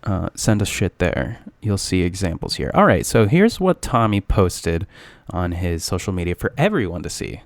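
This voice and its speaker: A man's voice: low-pitched, big pitch swings, moderate pace, creaky, few pauses, no echo. A young man co-hosting a podcast, teasing his friend in profane, rambling casual banter full of fillers. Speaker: podcast co-host.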